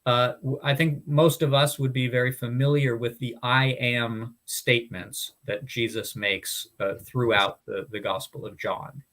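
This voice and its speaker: A man's voice: medium pitch, steady tone, measured pace, few pauses, a bit bright. A man hosting a Bible study talk, explaining in an earnest, casual way with frequent restarts and fillers. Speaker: Bible study podcast host. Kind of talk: casual teaching chat.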